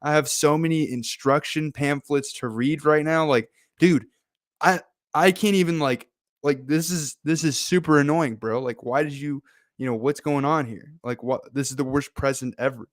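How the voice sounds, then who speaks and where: A man's voice: on the high side, normal speed, no room sound, clean studio sound, voice pushed up, lightly acted. A man voicing a pessimistic teenage boy who complains in an exasperated tone.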